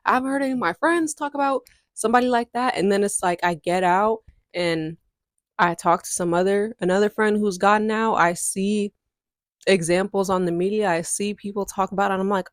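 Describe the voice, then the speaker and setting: A woman's voice: medium pitch, a little fast, dry recording, clean studio sound. A woman, chatting candidly to her viewers in a casual storytime vlog. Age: 20s. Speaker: content creator.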